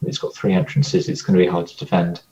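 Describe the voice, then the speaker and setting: A man playing a tabletop game, describing his character's actions in a halting way that repeats words. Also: deep voice, level tone, dark tone. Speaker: player. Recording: dull lo-fi recording.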